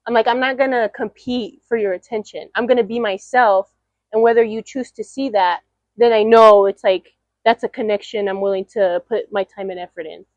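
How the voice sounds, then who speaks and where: A woman's voice: medium pitch, moderate pace, no room sound, muffled recording. A young adult woman hosting a candid podcast chat, telling stories animatedly with frequent laughter. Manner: animated storyteller, laughs often, acts out quoted lines. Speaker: podcast host. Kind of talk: candid chat between friends.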